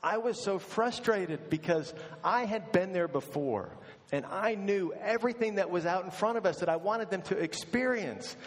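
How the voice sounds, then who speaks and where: Male pastor, storytelling sermon, lively asides, echoing hall. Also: high-pitched, moderate pace. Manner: storytelling, animated in quoted asides. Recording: long reverb of a large hall.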